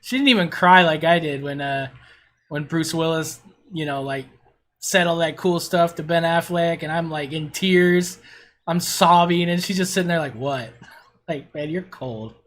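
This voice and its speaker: Brief: excitable middle-aged male streamer, slightly high voice, casual and gushing. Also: moderate pace, a little hiss or hum. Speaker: game streamer reviewing player builds. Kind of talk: casual livestream commentary.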